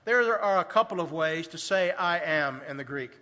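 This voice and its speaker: High, bright-voiced preacher in a reverberant hall. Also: male voice, expressive. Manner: reads scripture in King James wording, slows for emphasis. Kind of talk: sermon.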